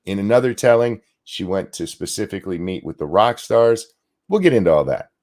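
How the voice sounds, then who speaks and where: A man hosting a ranting commentary show, profane and indignant, talking in fast bursts. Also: on the low side, lively intonation, a little mellow.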